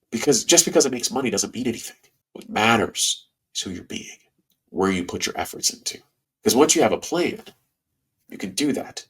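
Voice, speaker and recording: Male podcast host, lowish voice, stuffy nose, folksy and animated. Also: breathy edge. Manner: animated, folksy, bursts of excitement. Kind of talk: casual podcast monologue.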